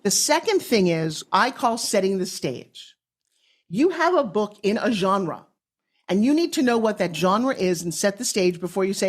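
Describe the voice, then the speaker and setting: A woman pitch coach talking on a podcast in an emphatic, sales-driven way. Her voice sits at a middling pitch, and she lands her points in short, punchy bursts. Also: sing-song, normal speed, slightly rough. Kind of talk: energetic podcast interview advice.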